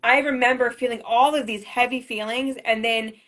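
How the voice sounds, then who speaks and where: A woman's voice: on the high side, steady tone, moderate pace, a bit bright. A woman in her thirties telling her story on a livestream, rambling and repeating herself as she gets emotional. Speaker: MLM leader on a livestream.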